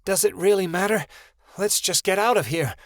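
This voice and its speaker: A man voicing a wounded, stubborn young human girl in an audiobook, speaking in a high, strained, pleading voice. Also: normal speed, a bit bright, no echo, clean studio sound. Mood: hurt, stubborn.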